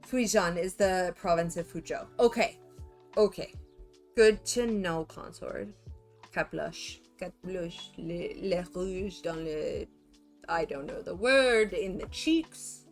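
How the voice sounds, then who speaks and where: Slow-talking Canadian woman streamer. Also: lowish voice, animated, faint music behind. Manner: rambling, chatty, lots of fillers. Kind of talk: casual chat with viewers.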